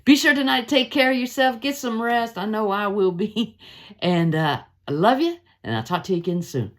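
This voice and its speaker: Lively woman teaching a Bible lesson. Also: mid-range voice, normal speed. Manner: lively, conversational, acts out the story's voices. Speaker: Bible devotional host.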